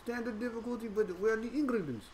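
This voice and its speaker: Man doing a high-pitched, blustery bodega owner, stammering over his words, put-on accent. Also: fast talker, a little mellow, reverberant, slight background noise. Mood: indignant. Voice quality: stammering, repeating himself. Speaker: stream co-host.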